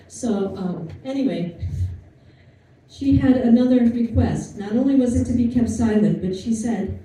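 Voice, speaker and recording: A woman's voice: a little high, unhurried, dark tone. A woman giving an informal history talk to an audience, chatty and storytelling, with asides and fillers. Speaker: lecturer. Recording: distant mic in an echoey room with faint noise.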